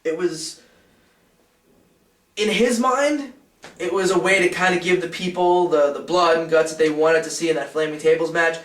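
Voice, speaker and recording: Man, somewhat high-pitched, blunt and sweary, reenacts dialogue; distant mic in a roomy space. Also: moderate pace, pauses often, a bit bright. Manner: blunt and profane, acts out quoted dialogue. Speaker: documentary interviewee, wrestling insider. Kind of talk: candid recollection.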